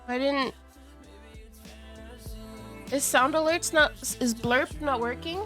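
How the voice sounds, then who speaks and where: A young woman streaming live, chatting casually to viewers, giggly and excitable, with a cold and chewing cough drops. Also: high voice, slow pace, soft background music. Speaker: VTuber streamer.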